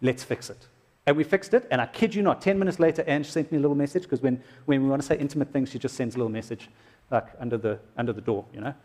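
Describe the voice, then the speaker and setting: A man's voice: mid-range voice, racing, darkish tone. A man preaching a sermon to husbands in a church, joking and exclaiming as he goes. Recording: echoey hall reverb.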